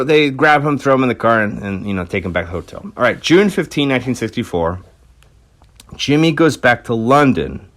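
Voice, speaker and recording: A man's voice: lowish voice, fairly bright tone. A man hosting a podcast, telling a rock history story in a loose, chatty way with lots of fillers and restarts. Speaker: podcast host. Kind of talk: casual storytelling.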